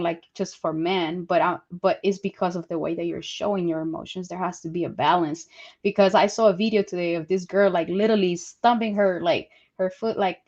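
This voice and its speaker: A woman speaking in a casual panel discussion, chatty and full of filler likes and ums. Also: fairly low pitch. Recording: dull lo-fi sound.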